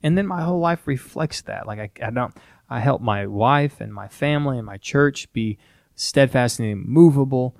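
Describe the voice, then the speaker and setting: A man's voice: medium pitch, moderate pace, vocal fry, dry recording. Man, pastor, casual teaching chat, earnest, dry sound. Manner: earnest, conversational, animated quoting.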